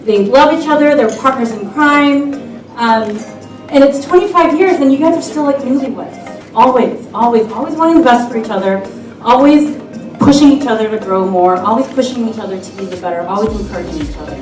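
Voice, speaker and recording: A woman's voice: a little high, a little fast, a little mellow. A woman giving a chatty, laughing anniversary toast at a party. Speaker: anniversary speaker. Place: party hall. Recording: echoey room from far off. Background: music and guests.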